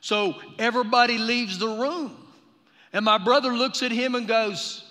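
A man preaching a sermon during a live church service, telling stories with passion and building to shouts. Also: sits high, moderate pace. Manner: impassioned, storytelling, swells to shouting. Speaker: pastor. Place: church sanctuary. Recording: live service in a reverberant hall.

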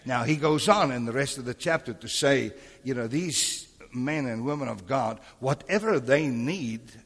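A pastor with a husky, medium-pitched voice preaches a sermon at a moderate pace, often calling on the congregation for an amen and other crowd responses. Long reverb makes his voice ring out as if in a large church hall.

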